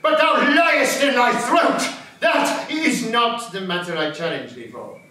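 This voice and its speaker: Brief: rowdy scheming stage knight, slow and bright, distant roomy barn sound. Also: male voice, fairly high pitch, animated. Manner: boisterous, laughing, theatrical stage delivery. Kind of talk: live stage acting. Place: large old timber barn. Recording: echoey barn, voice from far off.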